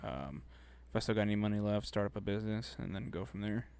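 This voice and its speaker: Low gravelly laid-back man. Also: quick pace. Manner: relaxed, laid-back, swears casually. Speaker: podcast co-host. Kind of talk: casual chat.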